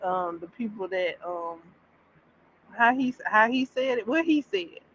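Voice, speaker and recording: A woman chatting casually on a livestream, reacting with bursts of excitement and drawn-out exclamations. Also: on the high side. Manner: animated, exclaiming, drawn-out repeats. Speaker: streamer reacting to a series. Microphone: streaming mic. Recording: slightly dull audio with faint background noise.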